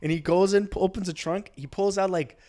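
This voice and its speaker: A man's voice: sits high, a little fast. A man in his twenties, co-hosting a casual comedy podcast, telling stories with restarts and acting out the people in them. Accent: Canadian. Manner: animated storyteller, acts out voices loudly, stammers and restarts. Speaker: podcast co-host.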